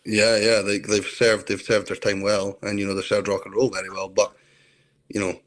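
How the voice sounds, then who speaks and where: Scottish man, lowish pitch, rambling enthusiastic storyteller, casual interview guest. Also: completely flat delivery, moderate pace, fairly bright tone, low-quality recording.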